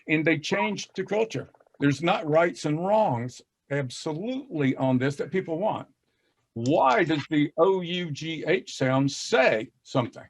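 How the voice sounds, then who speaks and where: A man with a Southern US accent who talks in a folksy, self-deprecating way, laughing often as he leads a casual discussion about teaching reading on a video call. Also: a little high. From American South.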